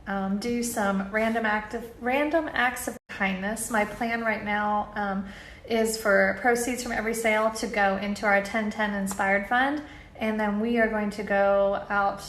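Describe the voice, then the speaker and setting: A woman's voice: medium pitch, fairly bright tone, slight background noise. Earnest, enthusiastic woman, casual and chatty, recorded in a roomy space. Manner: earnest, chatty, with many fillers and restarts; faith-filled and enthusiastic. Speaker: apparel brand founder. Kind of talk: casual talk to camera.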